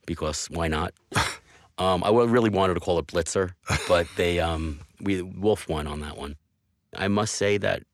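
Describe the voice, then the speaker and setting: Man, 50s, deep, dry studio sound, earnest interview guest. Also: no echo. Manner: earnest, emphatic storytelling. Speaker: TV news executive producer. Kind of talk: podcast interview.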